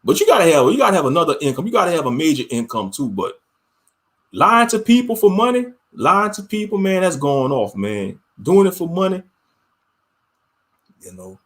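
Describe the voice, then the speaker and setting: A male online commentator with a fairly high voice, talking loosely in slang. He preaches in a casual way and laughs often as he goes. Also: sing-song, moderate pace, fairly bright tone.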